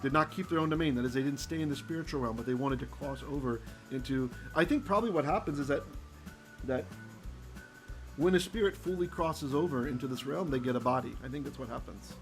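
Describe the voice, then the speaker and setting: A man teaching a Torah lesson as a rabbi, animated and often checking in with his listeners, sometimes chanting verses. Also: medium pitch, fairly quick, soft background music, poor audio.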